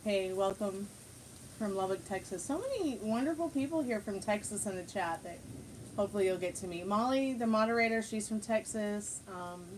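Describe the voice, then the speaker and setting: A woman of medium pitch hosts a relaxed livestream from home, chatting loosely with her viewers. She rambles, circling back with fillers and restarts as she talks. A faint hum of ambience sits behind her. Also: normal speed, rough recording. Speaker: livestream host. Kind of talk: casual livestream chat with viewers.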